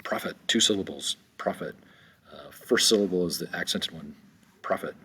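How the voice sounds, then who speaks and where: A man's voice: sits low, normal speed, bright, forceful tone, slightly rough. A male teacher going through vocabulary words, saying each one several times for pronunciation, with frequent ums. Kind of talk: recorded vocabulary lesson.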